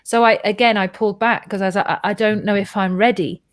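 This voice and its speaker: A woman hosts a relaxed conversation and tells a long personal story, animated and chatty. She acts out what people said and restarts often. Her mid-range voice sounds close and dry, with no room sound. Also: mid-range voice, fast talker, dry recording. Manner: chatty, animated, frequent restarts and quoted dialogue. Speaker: host.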